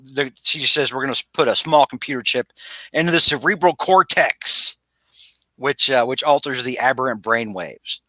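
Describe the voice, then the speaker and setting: A man's voice: mid-range voice, sharp tone, no echo. A man recapping a comic book on a podcast in a casual, rambling way, full of fillers and restarts, over a video call. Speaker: podcast host.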